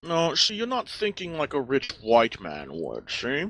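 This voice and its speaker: A man's voice: medium pitch, huge pitch swings, a little slow, fairly bright tone, heavily acted. A man putting on a pompous snobbish rich duck. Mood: smug. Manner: pompous, condescending drawl with frequent hesitations. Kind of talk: improvised comedic character in a voice chat.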